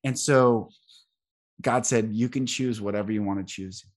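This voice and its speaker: A podcast host with a fairly low man's voice. He talks fervently, circling back on phrases and swelling with emphasis. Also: steady tone, normal speed. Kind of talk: emotional spiritual conversation.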